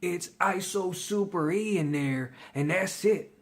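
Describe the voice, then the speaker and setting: A man's voice: sits high, takes it slowly, pitched above the performer's own voice. A man voicing a dismissive male fragrance critic who grumbles and scoffs. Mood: scoffing.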